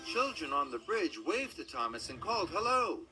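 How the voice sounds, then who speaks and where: Expressive male storybook narrator. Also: on the high side, normal speed. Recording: music playing underneath.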